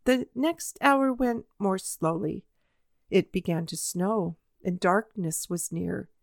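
A woman narrating a children's story in an even, measured reading voice. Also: medium pitch, creaky, no room sound, clean studio sound. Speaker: audiobook reader.

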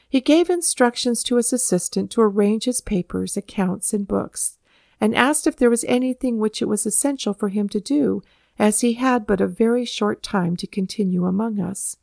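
A woman reads aloud in a measured, solemn way, with her voice held at a middle pitch. Her tone is gravelly, and the recording is dry and close. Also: a little mellow, no room sound. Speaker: narrator. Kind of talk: read-aloud historical narration.

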